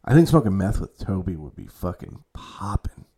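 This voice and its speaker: A young adult man with a deep, warm, husky voice hosts a podcast, very animated at a moderate pace. The chat is casual and rambling, heavy on swearing, with frequent fillers and restarts as he corrects himself.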